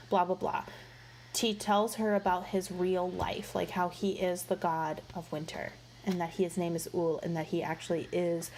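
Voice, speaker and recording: A book reviewer with a fairly low, slightly mellow voice rambles through a book series in a casual, gossipy review, sprinkling in "like" and "you know." She sounds exasperated as she tells it, and there's a faint hiss or hum on the recording.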